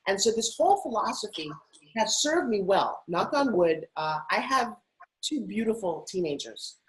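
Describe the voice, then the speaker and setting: A middle-aged woman guest telling stories in an interview, animated and putting on voices now and then. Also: mid-range voice, moderate pace, rough recording. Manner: animated, acts out her kids' voices. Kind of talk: interview storytelling.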